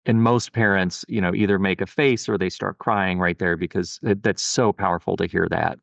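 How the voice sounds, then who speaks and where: Low gravelly man, earnest doctor. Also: fairly even intonation, normal speed, dry recording, dull audio. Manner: earnest, reflective, with many "you know" fillers. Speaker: pediatric endocrinologist. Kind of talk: podcast interview.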